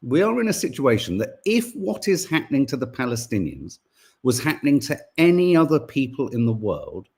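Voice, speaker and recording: A middle-aged man co-hosting a podcast, talking in a casual, rambling monologue. His voice is husky, and his pitch swings widely as he turns sarcastic and exasperated. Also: big pitch swings, normal speed, darkish tone. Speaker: podcast co-host.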